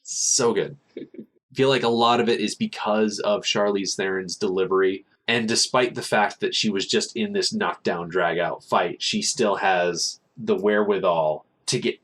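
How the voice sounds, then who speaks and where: Young man, podcast host, casual, animated, lower pitch. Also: normal speed. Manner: animated, recaps scenes with quoted lines. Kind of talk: casual film discussion podcast.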